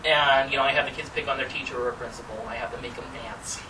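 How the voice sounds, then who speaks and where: In a room with an audience, a man gives a casual, chatty talk about performing magic and laughs at his own stories. He speaks rapid-fire at a medium pitch with fairly even intonation. A distant mic picked him up along with background noise.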